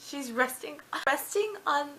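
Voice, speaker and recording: A woman's voice: high voice, animated, a little slow, pushed and bright, slight background noise. A young woman reviewing a book in a casual vlog, bubbly and gushing with lots of filler words. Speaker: book vlogger.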